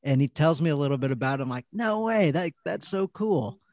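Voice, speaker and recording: A man's voice: mid-range voice, fast talker, darkish tone, no echo, clean studio sound. A man hosting a podcast, chatting enthusiastically with his guest. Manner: enthusiastic, upbeat. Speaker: podcast host. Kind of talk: casual podcast conversation.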